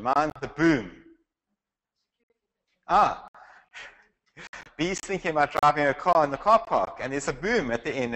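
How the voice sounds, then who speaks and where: A man's voice: fairly high pitch, fairly bright tone, rough recording. Man teaching a Bible class. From South Africa. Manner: conversational, asks the class questions, frequent restarts. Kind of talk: classroom lecture.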